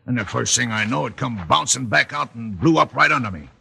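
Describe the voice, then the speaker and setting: An actor playing a dim-witted, cowering male henchman in a 1950s radio western, with a gravelly, husky voice and a whiny, slow-witted, apologetic manner. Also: medium pitch, lively intonation, pushed and bright, full character voice.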